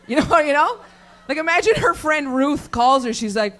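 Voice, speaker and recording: A woman's voice: high-pitched, animated, moderate pace, a bit bright. A woman doing a raunchy stand-up set, rambling, swearing constantly and laughing at her own jokes. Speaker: stand-up comedian. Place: comedy show venue with live audience.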